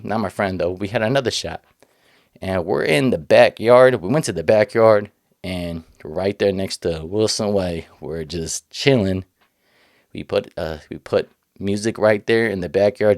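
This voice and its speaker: A man's voice: lowish voice, vocal fry, darkish tone, no echo, clean studio sound. A young man casually telling a personal story, rambling with slang and many restarts. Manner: rambling, repeats himself, slangy. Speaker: vlogger telling his own story.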